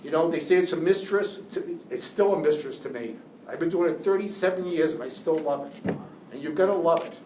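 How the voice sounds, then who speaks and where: A man's voice: a little high, brisk, recorded from a distance. A middle-aged man, a defense lawyer speaking to law students, emotional and rambling with many restarts. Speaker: juvenile defense attorney, guest speaker. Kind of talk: classroom talk to law students. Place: classroom. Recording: echoey classroom with faint hiss.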